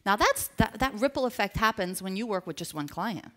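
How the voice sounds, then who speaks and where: A woman business coach giving an energetic motivational seminar talk, drawing the audience in with call-and-response questions. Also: mid-range voice, a little fast. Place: live event with an audience.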